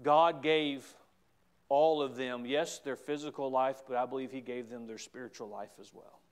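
A middle-aged man with a Southern US accent, preaching a sermon as pastor, swinging from hushed asides to loud, emphatic exclamations. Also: mid-range voice, steady tone, normal speed, smooth.

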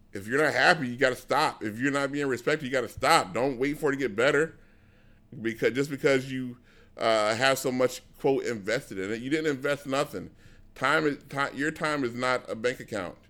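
A man's voice: mid-range voice, fairly bright tone. A man streaming live, chatting casually with his viewers in a rambling, blunt way with lots of restarts. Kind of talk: casual rambling chat to an audience.

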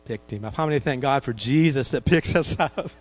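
A man preaching a sermon in an animated way, asking his congregation questions as he retells a story. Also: medium pitch, a little fast, poor audio. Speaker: pastor.

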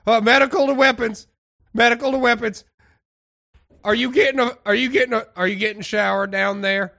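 A man's voice: very high voice, fairly even intonation, fairly quick, creaky, bright, forceful tone. A man playing a ship's medic in an improvised sci-fi role-play, goofy and hesitant, narrating his own actions with giggles.

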